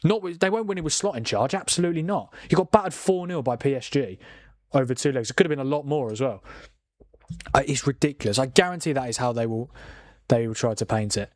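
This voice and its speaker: A man talks casually through a football watchalong at home. He rambles and restarts, laughs often, and reacts to the game with animated outbursts. His voice sits at a mid pitch, and the sound is dry and close. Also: quick pace, dry recording. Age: 40s. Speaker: streamer hosting a football watchalong. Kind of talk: casual live commentary and chat.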